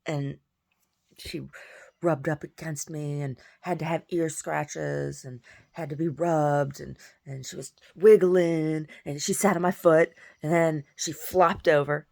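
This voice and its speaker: A woman, a painter and poet, chatting casually and at length, rambling softly with many restarts. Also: deep voice, steady tone, slow, vocal fry, dry recording. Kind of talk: casual monologue.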